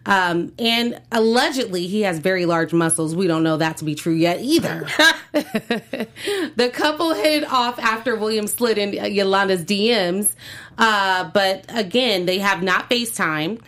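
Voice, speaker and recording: A woman's voice: mid-range voice, normal speed, fairly bright tone. Chatty woman entertainment news co-host. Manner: chatty, hedging with fillers and laughs. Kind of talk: casual entertainment news chat.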